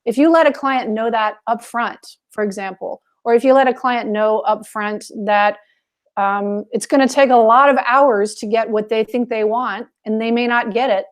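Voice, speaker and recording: A woman with a somewhat high voice co-hosts a webinar. She explains her points earnestly in a conversational way, often repeating words and using fillers. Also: moderate pace. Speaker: co-host. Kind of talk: casual webinar talk.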